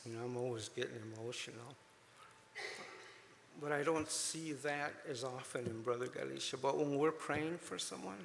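A man speaks informally to a congregation in an emotional, chatty way, joking gently between fillers. His voice is bright with a gravelly fry. The sound carries a long church-hall reverb over faint room noise. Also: mid-range voice.

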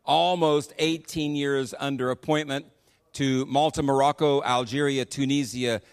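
A middle-aged American man, a missionary preacher, telling stories in a sermon in an animated, chatty way with frequent restarts. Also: mid-range voice, measured pace, clean tone. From United States. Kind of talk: sermon with storytelling. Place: church sanctuary on a PA system. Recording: long reverb of a church hall.

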